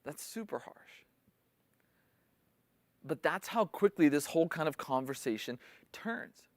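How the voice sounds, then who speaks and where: A man delivers a sermon in an easygoing, conversational way, as if talking with friends, with a somewhat higher-than-usual voice. He leans into the quoted lines with more force. The sound is close and dry, with no room echo. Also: animated, measured pace. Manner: conversational teaching, acts out quotes with rising intensity. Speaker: pastor.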